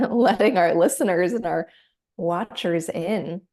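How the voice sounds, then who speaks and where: Gentle woman coaching through a session. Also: on the low side, slow. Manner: gentle, encouraging, acts out inner voices. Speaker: somatic practitioner.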